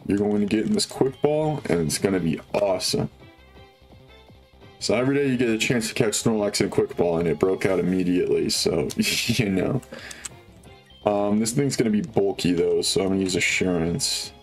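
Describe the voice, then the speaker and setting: A young man with a lowish voice gives relaxed, upbeat commentary while playing a video game. He chats straight to his viewers, thinks out loud and fills gaps with "uh" and "so". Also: moderate pace, faint music behind. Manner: chatty and upbeat, talks to viewers, many fillers. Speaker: let's play host. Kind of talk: casual gameplay commentary.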